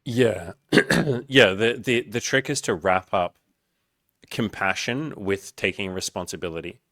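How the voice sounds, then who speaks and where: An earnest man coaching in a relaxed podcast conversation. His voice sits low and close, with a dry, dead sound and no room around it. He explains patiently and slips into voicing people's worried self-talk. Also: measured pace, no room sound. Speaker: dating coach and podcast host.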